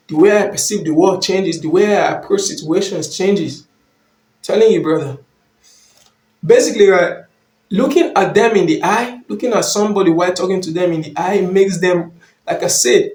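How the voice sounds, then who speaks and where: Emphatic high-voiced man coaching, echoey room. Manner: repetitive, emphatic, calls listener brother. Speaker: dating and confidence coach. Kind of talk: motivational talk to camera.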